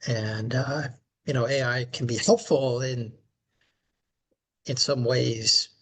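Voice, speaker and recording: Male podcast co-host, mid-pitched, unhurried and thoughtful; a coach chatting casually. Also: steady tone, a bit bright, breathy edge. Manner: slow, reflective, measured.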